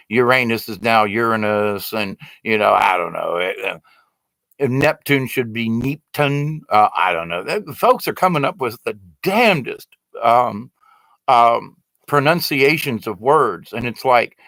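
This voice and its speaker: A man's voice: medium pitch, a bit bright, no room sound. Rambling, indignant older man, dry sound. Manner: rambling, grows indignant and exasperated. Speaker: video blogger. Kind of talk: rambling casual monologue.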